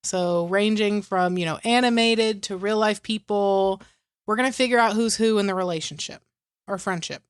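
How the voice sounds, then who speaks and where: A woman's voice: mid-range voice, moderate pace, smooth, no echo. Upbeat young woman co-host, giggly casual chatter, dry close mic. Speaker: podcast co-host. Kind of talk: casual chat.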